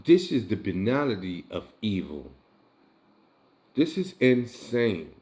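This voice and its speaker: A man's voice: lowish voice, big pitch swings, takes it slowly, a little mellow. A tipsy man giving casual reaction commentary, emphatic and profane, firing off rhetorical questions.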